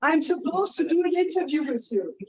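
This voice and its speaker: German-accented woman contest chair, high voice, teasing and jokey on stage. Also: animated, fairly quick, rough recording. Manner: playful, self-teasing asides. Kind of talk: emceeing a speech contest.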